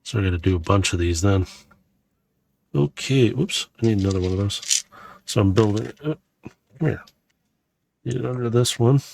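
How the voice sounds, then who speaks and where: A man's voice: on the low side, moderate pace, vocal fry, pauses often, darkish tone, slight background noise. A man from Missouri chatting casually and rambling a little as he narrates a Lego build for his channel. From Missouri, USA. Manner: rambling and chatty, with frequent fillers and self-corrections. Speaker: vlogger building a Lego set. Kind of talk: casual running commentary while building.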